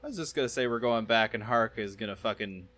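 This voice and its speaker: A man's voice: on the low side, quick pace. A man co-hosting a podcast, casually recapping plot and acting out lines. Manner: narrates plot with animated quoted voices. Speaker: podcast co-host.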